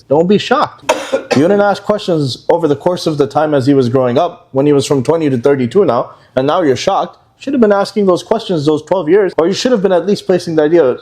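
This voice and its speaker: Fast-talking earnest male preacher. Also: a little high, a little mellow. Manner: emphatic, rhetorical questions, repeats for stress. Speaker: podcast host giving Islamic advice.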